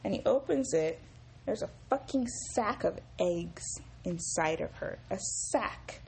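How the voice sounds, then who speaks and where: A young woman hosting a casual solo podcast, telling stories in a profane, animated way and acting out what people said. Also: mid-range voice, unhurried, vocal fry, a little hiss or hum. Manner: profane, animated storytelling with quoted voices. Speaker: podcast host.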